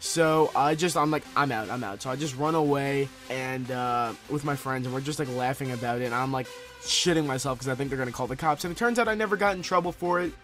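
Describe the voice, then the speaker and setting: A man's voice: medium pitch, fast, a bit bright, faint music behind. A young man commentating over gameplay, telling a rambling, profane story in a casual way.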